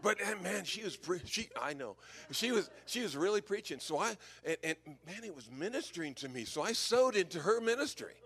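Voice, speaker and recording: Older man preaching in a lively, high voice. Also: brisk, hardly any pauses, husky. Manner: lively storytelling, chuckles at own jokes. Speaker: visiting preacher. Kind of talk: anecdotal sermon.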